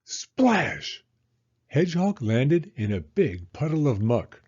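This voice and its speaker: A man reading a children's picture book aloud in an expressive, animated storytelling manner. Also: medium pitch, unhurried, slightly rough, muffled recording. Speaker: storybook reader.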